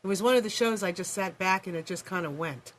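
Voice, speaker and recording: A woman's voice: mid-range voice, fast talker. Emotional woman hosting a talk show. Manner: warm, emotional, sentimental. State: voice going hoarse. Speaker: radio talk show host. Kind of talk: radio talk show chat.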